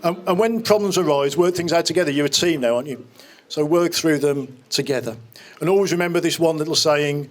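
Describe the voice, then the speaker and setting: Man, fifties, mid-range voice, speaking at a wedding reception; warm-hearted jokes and memories, casual restarts. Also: mid-range voice. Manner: fond, joking storytelling with small restarts. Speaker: wedding speaker standing in for the bride's father. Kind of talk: wedding speech.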